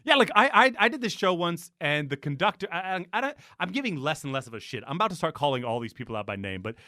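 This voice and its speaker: A man's voice: fairly high pitch, big pitch swings, quick pace, bright, forceful tone, no echo, clean studio sound. A man co-hosting a podcast, telling profane stories in casual chat and mimicking the people in them. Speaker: podcast co-host.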